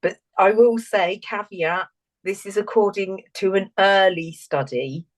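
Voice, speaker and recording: A woman's voice: medium pitch, a little slow, low-quality recording. A woman co-hosting a casual podcast, laughing often and tripping over her words. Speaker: podcast co-host. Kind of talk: casual chat.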